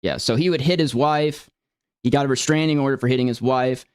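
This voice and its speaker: A man's voice: mid-range voice, a little fast, clean tone, no echo, clean studio sound. A man talking casually and earnestly while responding to allegations. He rambles and often restarts his sentences. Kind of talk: casual explanatory talk.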